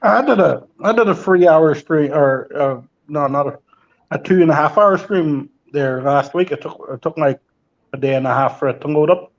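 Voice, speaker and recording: A man's voice: a little high, normal speed. A man chatting casually on a live stream call, easygoing and correcting himself mid-sentence. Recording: dull lo-fi call audio.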